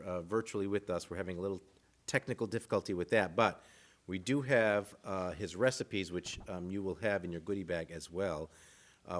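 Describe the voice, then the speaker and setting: A man with a fairly low voice hosts a virtual event, talking in a chatty, informal way. He reads out recipes and trivia questions and keeps things moving along. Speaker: event host.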